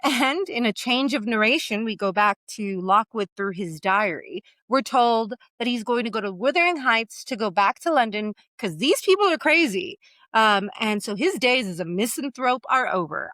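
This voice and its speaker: Young female co-host, animated and playful, slightly high, dry studio read. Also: normal speed, no room sound. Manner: animated, acts out characters in quoted asides. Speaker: podcast co-host. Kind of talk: casual book discussion.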